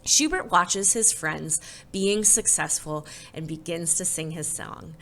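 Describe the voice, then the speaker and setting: A woman reading a children's storybook aloud and then giving parenting tips, expressive and conversational. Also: on the low side, takes it slowly, a little hiss or hum. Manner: expressive, conversational, says "right?". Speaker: storybook reader and parenting presenter.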